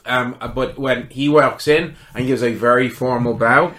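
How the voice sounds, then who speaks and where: A man running a tabletop game who narrates the scene in a loose, conversational way. His voice sits at an ordinary middle pitch, and he often pauses on filler words. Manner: relaxed, conversational, lots of filler. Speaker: game master.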